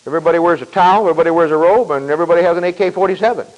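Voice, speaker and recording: A man preaching a sermon in a folksy, emphatic way, repeating himself and clearing his throat often. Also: on the high side, rapid-fire, muffled recording.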